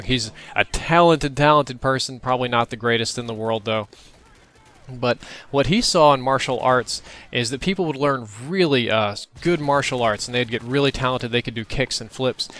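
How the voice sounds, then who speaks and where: A man's voice: mid-range voice, a bit bright. A young man giving casual, reflective commentary over gameplay, talking in a conversational way. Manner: conversational, reflective, laughs now and then. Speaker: gaming commentator.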